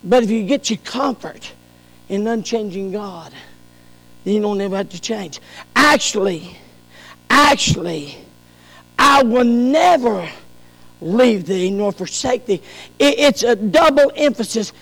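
High-voiced preacher in a reverberant hall. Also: male voice, lively intonation, unhurried, vocal fry, pauses often. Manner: preaching that swings from shouted peaks to soft low passages. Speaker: pastor. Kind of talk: sermon.

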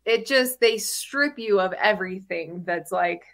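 A woman's voice: medium pitch, unhurried, gravelly, fairly bright tone. A woman in her thirties sharing her personal story as a podcast guest, chatty, with frequent fillers and laughs between phrases.

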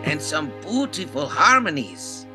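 A man's voice: a little high, sing-song, a little slow, music in the background. A man voicing a cartoonish cereal ghost in a podcast skit, with a sly creeping purr. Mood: singsong spooky. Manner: sly creeping purr of an old film villain impression. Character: spooky blue ghost, soft and creepy.

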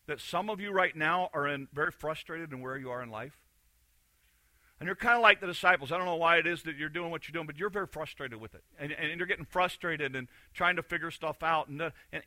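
A man's voice: a little high, bright, forceful tone, no echo. A man preaching a sermon in a conversational, emphatic way, repeating key phrases. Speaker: pastor.

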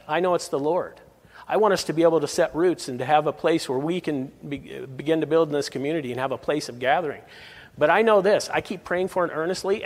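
A male pastor delivers a sermon in a fairly high voice, pressing his points with earnest, deliberate slowdowns. His words ring out with a long hall reverb from the church room he preaches in. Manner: earnest, slows down to stress key lines. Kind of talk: verse-by-verse sermon. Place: church service.

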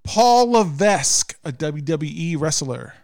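A podcast host runs a quiz game for his guests in casual studio banter, joking and laughing between questions as a playful quiz-master. His voice is a little high with lively intonation and vocal fry, unhurried, with background noise present.

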